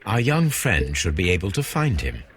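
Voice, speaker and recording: An actor playing a calm, measured male detective in a game, speaking with precise deductions. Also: deep voice, slight background noise. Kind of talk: game voice acting.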